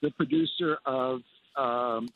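A man's voice: medium pitch, takes it slowly. Upbeat man on a tinny phone line. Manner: upbeat, fond of colorful phrases. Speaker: animation critic reporting remotely. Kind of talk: enthusiastic remote report. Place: convention center floor. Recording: phone line with faint noise.

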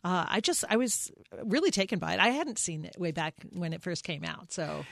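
A woman's voice: on the low side, very animated, a little fast, gravelly, a bit bright, no echo. Female film critic, dry studio. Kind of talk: casual critical chat. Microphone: studio microphone.

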